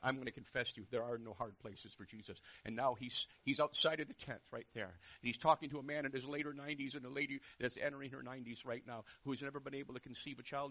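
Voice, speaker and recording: A man preaching a sermon, dropping to a hush and then rising to loud, fervent preaching. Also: mid-range voice, muffled recording. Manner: swings from hushed and intimate to loud, fervent preaching.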